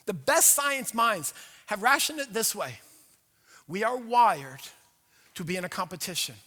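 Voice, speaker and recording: A pastor delivers his sermon in a high, very bright voice, chatting with the congregation and slipping into little acted-out inner voices. His words ring out with the long reverb of a church hall. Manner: animated, conversational, acts out inner voices. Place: church sanctuary.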